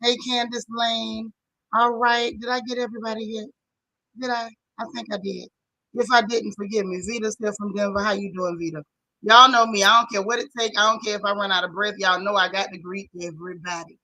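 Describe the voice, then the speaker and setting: Southern woman host, chatty and sassy, dry close mic, bright tone. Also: medium pitch, fairly even intonation, fairly quick, no echo, poor audio. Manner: chatty, greets viewers one by one, sassy slang. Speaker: show recap host. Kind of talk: casual livestream chat.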